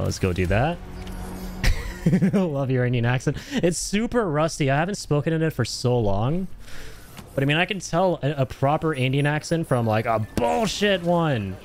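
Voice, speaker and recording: A man's voice: mid-range voice, big pitch swings, unhurried, darkish tone. A man streaming a video game, joking and swearing in casual commentary and slipping in Hindi phrases. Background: game music.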